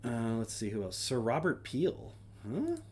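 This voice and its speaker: A man's voice: medium pitch, normal speed. A man chatting casually on his own stream, with a mid-range voice. He reads through a list in a wry, offhand way and mutters dry asides under his breath. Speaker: streamer host. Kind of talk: casual solo chat, reading names aloud.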